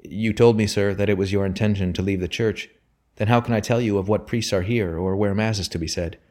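A humble, earnest young son who speaks formally and respectfully to his father, pleading his case with steady resolve. A man reads him in a low voice lifted a little higher than his narration. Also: a little fast, close to an everyday voice.

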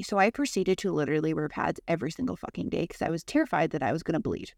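A young woman co-hosting a podcast, telling a story in casual chat, animated and swearing freely while acting out voices. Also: deep voice, fast talker, no echo, clean studio sound. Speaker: podcast co-host.

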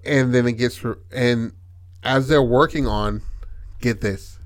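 A man's voice: mid-range voice, takes it slowly. A man hosting a podcast in casual chat, laid-back and profane, often checking in with "right?". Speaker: podcast host.

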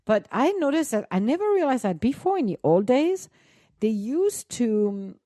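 A woman's voice: a little high, big pitch swings, normal speed, warm tone, dry recording, clean studio sound. A woman co-hosting a show, chatting casually and animatedly to her listeners with frequent exclamations and laughter. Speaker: co-host.

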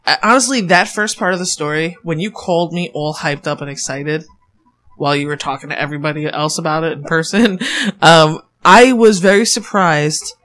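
A woman's voice: deep voice, moderate pace, a bit bright. A woman in casual chat, teasing her partner and chiming in as the story is told.

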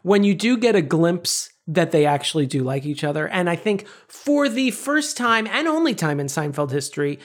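A man co-hosting a casual podcast chat, laughing often and acting out shouted quotes. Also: sits high, normal speed, hardly any pauses. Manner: animated, laughs often, acts out shouted lines. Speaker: podcast co-host.

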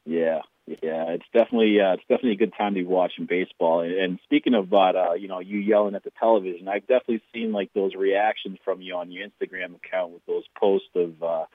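A man's voice: sits low, fairly even intonation, fast, hardly any pauses, no echo. A man with a Boston accent, a lawn care business owner, chatting as a podcast guest in an easygoing way with many fillers. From Massachusetts, US. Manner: easygoing, lots of fillers and laughs. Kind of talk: casual interview chat. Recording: dull, dry lo-fi sound.

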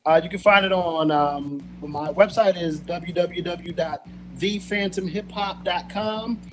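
A man's voice: sits high, fairly even intonation, unhurried, over music. A man appearing as a guest musician, talking in a rambling way with lots of fillers and thanking his hosts. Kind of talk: casual interview chat.

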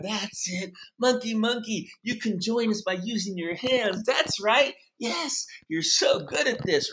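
A man's voice: sits high, measured pace, a little hiss or hum. A man leading a playful gymnastics class for children, cheering them on, counting out stretches and roaring like animals. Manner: animated, encouraging, sing-song counting; cheerful praise and animal roars. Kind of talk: playful kids' class role-play.

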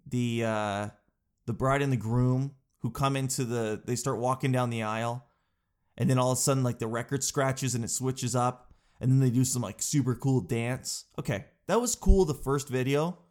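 A man in his thirties telling stories in a casual podcast monologue, rambling and animated and often saying "dude". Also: medium pitch.

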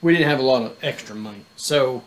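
A young adult man chatting casually as a guest, easygoing and quick to laugh. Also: mid-range voice. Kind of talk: casual chat.

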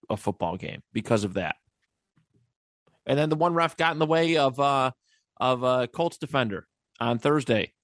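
A man's voice: medium pitch, a bit bright, no room sound, clean studio sound. A man co-hosting a sports podcast, telling stories in a rambling, profane way. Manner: rambling, profane storytelling with restarts. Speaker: podcast co-host. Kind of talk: casual sports chat.

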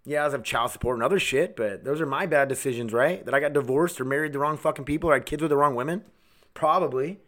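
A man hosting a solo podcast, ranting angrily with constant swearing, swinging between shouted outbursts and low mutters. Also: fast talker. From United States. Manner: angry, swearing constantly, heated. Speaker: podcast host.

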